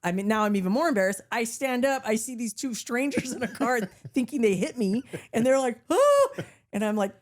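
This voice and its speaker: A woman's voice: on the high side, a little fast, few pauses. A woman podcast host telling a story in casual chat, laughing often and swearing freely as she acts out the other people in it. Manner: animated, laughing, swearing freely, acting out voices.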